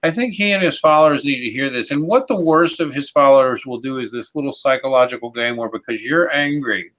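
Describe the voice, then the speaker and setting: A man's voice: medium pitch, brisk, a bit bright. Guy hosting a podcast chat, punchy and combative, dull muffled sound. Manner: emphatic, combative, calls on each guest in turn. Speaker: host. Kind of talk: casual podcast discussion. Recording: muffled lo-fi audio.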